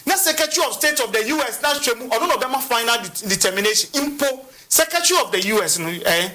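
A lawyer explaining legal process on a talk show, halting and repeating words as they go. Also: mid-range voice, lively intonation, pushed and bright. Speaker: lawyer guest.

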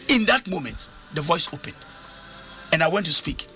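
High, lively man preaching. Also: fairly quick, slight background noise. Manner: emphatic, repeats key phrases, mixes in Twi. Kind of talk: sermon.

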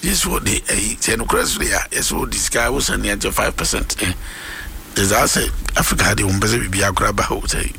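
A man's voice: on the low side, lively intonation, fairly quick, vocal fry, pushed and bright, slight background noise. A man with a Ghanaian accent hosting a radio morning prayer segment, speaking with a fervent, preacher-like delivery and switching between Twi and English. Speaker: radio host.

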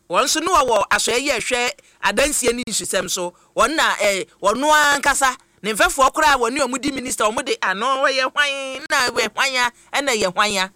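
High, bright-voiced male radio host. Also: no room sound, clean studio sound. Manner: animated, addresses listeners as family. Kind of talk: radio talk show hosting.

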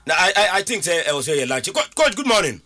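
A man's voice: high voice, very animated, fast talker, pushed and bright. A man hosting a sports talk show, teasing his guests and nudging the chat along. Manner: teasing, lots of "mm" backchannels.

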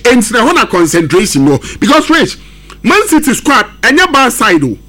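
A man's voice: extremely high pitch, huge pitch swings, normal speed, pushed and bright. A man giving emphatic football analysis on a sports radio show, switching between English and Twi. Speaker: football pundit.

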